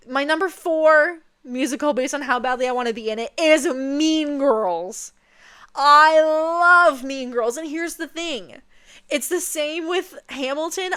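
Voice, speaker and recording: A woman's voice: sits high, a bit bright. A young woman chatting playfully while seated, often checking in with "okay?". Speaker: vlogger. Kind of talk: casual chat.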